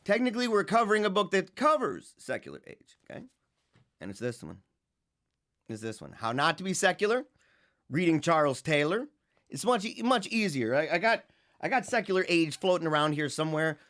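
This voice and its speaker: A man hosting a casual livestream show, his voice sitting a bit higher than most men's. He rambles with restarts and little chuckles, jumping from loud, lively bursts to quiet asides. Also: brisk. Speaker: host.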